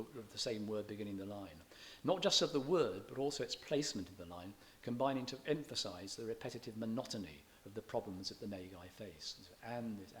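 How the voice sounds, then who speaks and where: A man's voice: fairly low pitch, slight background noise. A man lecturing on poetry to an audience, chatty and digressive, often stopping to correct himself. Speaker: visiting lecturer in English. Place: church hall.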